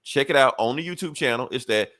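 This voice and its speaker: A man's voice: mid-range voice, animated, quick pace, a bit bright, dry recording, studio quality. A man co-hosting a comic book podcast, talking in a casual, joking and profane way. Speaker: podcast co-host. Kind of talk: casual chat.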